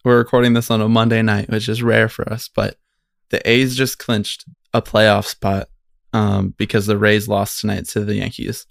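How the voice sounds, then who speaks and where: A man's voice: lowish voice, little pitch movement, moderate pace, vocal fry, no room sound. A man co-hosting a podcast in casual chat, who laughs often and quotes clips with dry humor. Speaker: podcast co-host.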